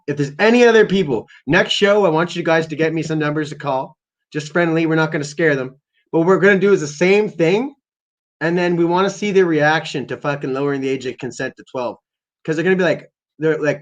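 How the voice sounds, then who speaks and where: A man's voice: medium pitch, a bit bright. A young man hosting a livestream, ranting casually with lots of swearing and fillers. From Canada. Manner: rambling, profane, many fillers. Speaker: livestream host. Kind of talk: casual profane rant.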